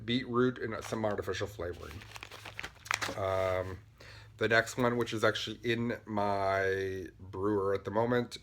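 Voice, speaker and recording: A man's voice: on the low side, a bit bright, a little hiss or hum. A man hosting a casual podcast, chatting in a rambling, upbeat way with lots of fillers, buzzing on caffeine. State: buzzing on caffeine, talking fast. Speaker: podcast host. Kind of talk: casual show-and-tell chat.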